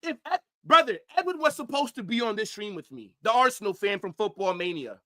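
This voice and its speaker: A man ranting angrily on a football livestream, profane, swinging from shouts to low mutters. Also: sing-song, fairly quick. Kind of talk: livestream rant.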